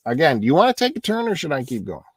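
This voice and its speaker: A man's voice: on the high side, huge pitch swings, racing, noisy background. Easygoing man showing off his finds. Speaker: co-host of a live stream show. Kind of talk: casual chat.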